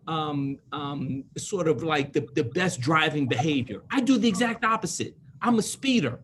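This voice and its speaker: A man's voice: high-pitched, a bit bright, slight background noise. A man in his fifties, an attorney on a panel, telling stories emphatically and repeating words to drive points home. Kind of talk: panel discussion.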